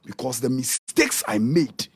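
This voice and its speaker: A Ghanaian man, a prophet who guests on a radio talk show, preaching in a lively way and switching between Twi and English. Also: mid-range voice, unhurried, breathy edge. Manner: animated, mixes Twi and English, acts out quotes.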